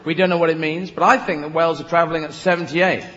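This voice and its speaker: A man's voice: a little high, fairly even intonation, fast talker, heavy background noise. A male stand-up comedian rambling playfully through a bit with many restarts, recorded live in a large venue. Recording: lo-fi live hall recording with crowd. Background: audience laughter and ambience.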